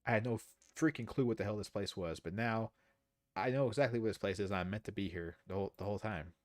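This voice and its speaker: A man's voice: lowish voice, fast talker, dry recording, studio quality. A man giving casual, sarcastic, rambling commentary while streaming a game.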